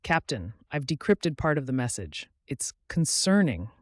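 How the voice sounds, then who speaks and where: An uneasy male communications officer, read by a man, delivers his report in a measured way at a middling pitch. The audiobook recording is dry and close, with no reverb. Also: big pitch swings.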